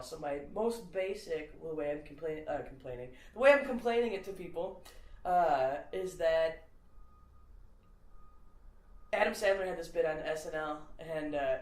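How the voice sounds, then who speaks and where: A woman's voice: on the low side, lively intonation, moderate pace, a little mellow. A woman comedian chatting casually, rambling and packing her talk with fillers. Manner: rambling, filler-heavy with lots of "like". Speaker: comedian co-host. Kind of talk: casual chat. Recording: echoey room.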